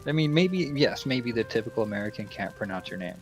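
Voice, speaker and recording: A man's voice: mid-range voice, lively intonation, fast talker, faint music behind. A man streaming a game, talking bluntly and swearing freely in casual chat. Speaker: gaming streamer.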